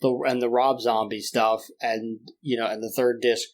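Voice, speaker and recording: A man's voice: mid-range voice, flat delivery, moderate pace. A man co-hosting a podcast, telling a rambling anecdote with lots of fillers and restarts. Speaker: podcast co-host. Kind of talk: casual chat.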